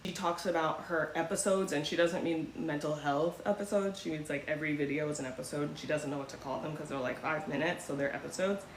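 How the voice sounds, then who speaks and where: She talks fast in a low voice with fairly even intonation, barely pausing, as she hosts a loose, sarcastic commentary stream and sometimes lapses into mocking voices. The audio comes from an echoey room with faint background noise.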